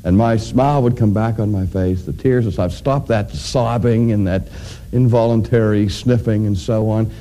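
A man preaching a sermon, addressing his congregation directly and building to loud, emphatic climaxes. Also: lowish voice, normal speed. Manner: addresses audience directly with questions.

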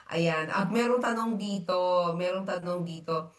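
A woman psychologist co-hosting a casual talk show, mixing English and Tagalog, lively and quick to act out little mock dialogues. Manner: lively, jumps into mock dialogue with sharp pitch rises, laughs often. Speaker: co-host and psychologist. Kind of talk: casual Taglish faith talk show chat. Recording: echoey room, voice from a distance.

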